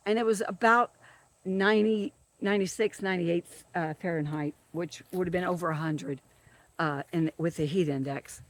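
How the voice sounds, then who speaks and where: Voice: mid-range voice, steady tone, moderate pace. A government field worker ranting in a monologue, emphatic and repetitive, who keeps stressing the same words.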